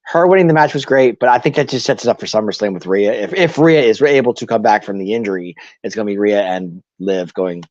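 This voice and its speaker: A man's voice: lowish voice, quick pace, hardly any pauses, darkish tone, no echo. Podcast co-host, man, easygoing, hesitant, dry dull lo-fi mic. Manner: laid-back, trails off, many ums. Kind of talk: casual sports chat.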